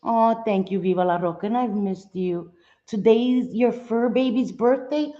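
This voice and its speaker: Her voice leans high and mellow, and she speaks at a measured pace while hosting a relaxed home livestream. She talks with viewers and mixes in Spanish exclamations; the recording sounds echoey, dull and lo-fi.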